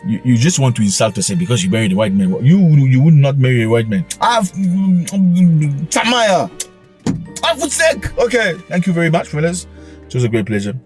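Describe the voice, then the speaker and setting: A man's voice: fairly high pitch, sing-song, moderate pace, a little mellow, faint music behind. A man hosting his own commentary channel, delivering an emphatic, scolding monologue full of rhetorical questions.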